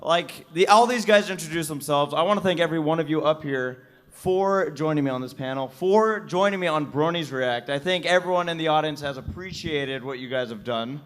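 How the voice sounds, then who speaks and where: A man's voice: fairly high pitch, brisk. A man hosting a fan convention panel, upbeat and joking as he talks to the crowd. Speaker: panel host.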